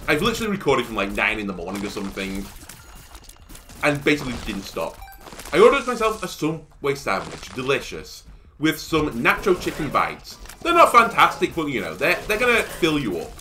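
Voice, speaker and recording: A young man giving casual let's-play commentary, telling stories in an animated way that rises to exasperated shouts. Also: mid-range voice, normal speed, faint music behind. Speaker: gaming YouTuber.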